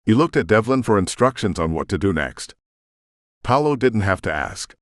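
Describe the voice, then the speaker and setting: A man narrating an audiobook in an expressive storytelling manner, in a studio booth. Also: deep voice, moderate pace, no room sound. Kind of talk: scripted narration.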